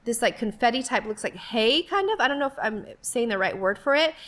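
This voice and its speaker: A woman's voice: fairly high pitch, animated, fairly quick, fairly bright tone. A woman in her forties chatting casually as she walks through a store filming a vlog, rambling and giggling often. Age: 40s. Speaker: vlogger. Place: inside a retail store.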